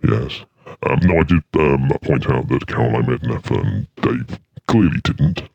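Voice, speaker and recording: Very deep, gravelly man. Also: lively intonation, moderate pace, darkish tone, dry recording, lo-fi sound. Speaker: radio show host. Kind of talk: casual radio chat and music links.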